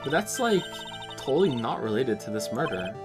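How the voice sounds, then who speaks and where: A man's voice: mid-range voice, sing-song, moderate pace, over music, lightly acted. A man voicing a ditzy young woman who talks in valley-girl style, acting innocent. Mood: evasive. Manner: valley-girl speech full of "like" and "totally".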